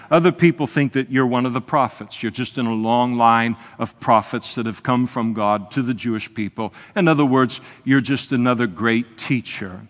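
A man preaching an evening sermon in an earnest, conversational way, often pausing with hesitations. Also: mid-range voice, a bit bright, long reverb tail. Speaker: pastor. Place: church service, evening.

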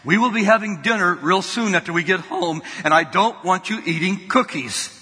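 A man's voice: sits high, moderate pace, husky, heavily acted. Man quoting a patient young mother. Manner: calm pleading, then authoritative. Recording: long hall reverb.

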